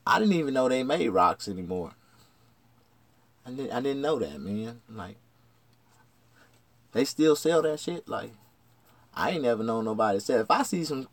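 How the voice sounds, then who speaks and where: Male vlogger, raised voice, extremely lively intonation, profane rambling monologue. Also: no room sound. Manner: profane, swings from shouted outbursts to low mutters.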